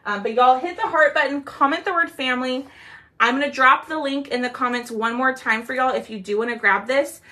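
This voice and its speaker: High-pitched, bright and forceful, this woman's voice carries a casual livestream where she demonstrates a craft during a live sale. She's chatty, says "um" often, and stretches out her "y'all"s.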